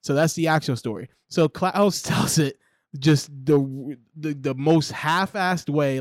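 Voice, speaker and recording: A man's voice: on the high side, slow pace, no echo, studio quality. A man co-hosting a podcast, chatting casually and acting out lines from a show with plenty of swearing. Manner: animated, acts out quotes with profanity. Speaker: podcast co-host. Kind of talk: casual show review chat.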